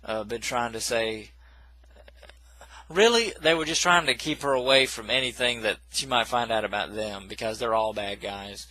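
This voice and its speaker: A man's voice: mid-range voice, moderate pace, bright, forceful tone, no room sound, rough recording. A man casually recapping a film plot in a rambling, self-correcting way, with dismissive asides. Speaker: movie reviewer.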